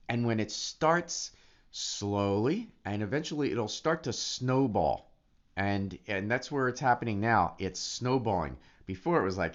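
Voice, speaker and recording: A man talking casually in a vlog, excitable and animated, often restarting his sentences. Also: lowish voice, moderate pace. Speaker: affiliate marketer. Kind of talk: casual vlog talk to camera. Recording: dull lo-fi recording.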